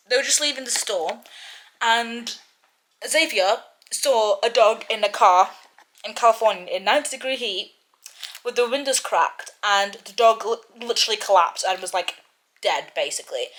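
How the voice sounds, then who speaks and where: A woman's voice: mid-range voice, a bit bright. Young woman, casual book vlogger; talkative, worked-up rant. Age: young adult. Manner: chatty, ranting, lots of "like" and "literally". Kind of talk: casual chat and reading aloud.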